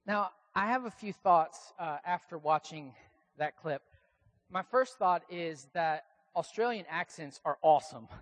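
A man's voice: on the high side, lively intonation, unhurried, a bit bright. A man with an American accent preaching a sermon in a casual, conversational, self-deprecating way. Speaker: pastor.

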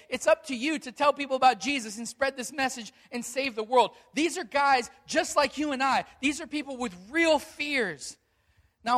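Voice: mid-range voice, fairly bright tone. A pastor preaching a sermon to a congregation, retelling a story with earnest emphasis.

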